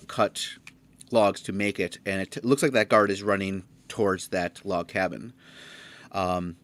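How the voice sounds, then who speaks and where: Halting male game master. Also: lowish voice, a bit bright, no room sound. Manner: halting, with many fillers and restarts. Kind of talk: narrating a tabletop game.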